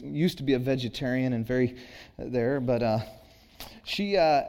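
A man in his thirties preaching a sermon in an earnest, conversational way, climbing to emphatic peaks. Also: a little high. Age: 30s. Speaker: pastor.

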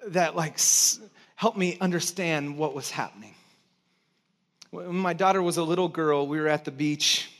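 A pastor preaching a conversational sermon to his church, swinging between loud emphasis and hushed, quiet stretches. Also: sits high.

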